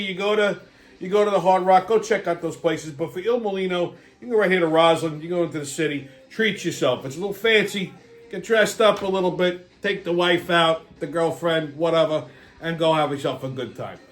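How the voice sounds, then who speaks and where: Profane rambling New host. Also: male voice, high-pitched, fairly quick. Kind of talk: casual monologue.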